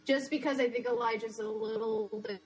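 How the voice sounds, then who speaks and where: A woman's voice: on the high side, steady tone, brisk, darkish tone, soft background music, rough recording. A young woman co-hosting a casual fan podcast, gushing and giggly as she chats. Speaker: podcast co-host.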